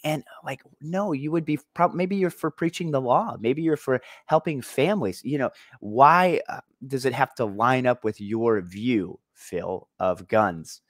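Man, commentary vlog host, emphatic, argumentative, mid-pitched, dry close sound. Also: a little slow, hardly any pauses, no room sound.

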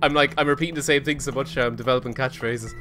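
A man streaming a video game live, reacting excitably and swearing often as he plays and talks to his chat. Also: mid-range voice, quick pace, faint music behind. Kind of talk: casual live gameplay commentary.

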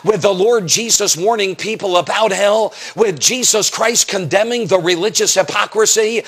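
A man's voice: high voice, moderate pace, breathy edge. An American man, an evangelist preaching an emphatic sermon in church, firing off rhetorical questions and acting out quotes. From United States. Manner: emphatic, rhetorical questions, acts out quotes, sometimes raises voice to a shout. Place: church, evening service.

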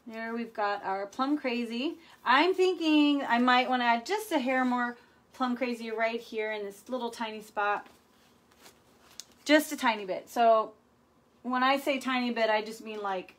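A woman with a fairly high voice leads a live furniture painting demo. She is chatty and playful, and she keeps checking in with her viewers. Her delivery is relaxed and conversational as she explains each step.

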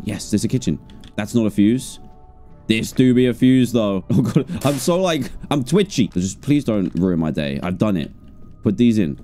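Casting: man, gaming streamer, low mellow voice, jokey and jittery, faint music under. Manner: jokey, jumpy, talks to himself. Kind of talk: live gameplay commentary.

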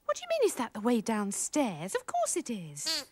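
A woman's voice: fairly high pitch, huge pitch swings, moderate pace, very noisy. A woman presenting a children's TV show, chatting with puppets in a coaxing, exclaiming, mock-exasperated way.

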